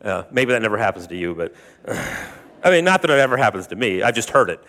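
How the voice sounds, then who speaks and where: A man's voice: lowish voice, sing-song, brisk, pushed and bright, big-room sound. A man preaching a sermon, retelling scripture in a conversational, joking way with asides to the congregation. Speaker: pastor.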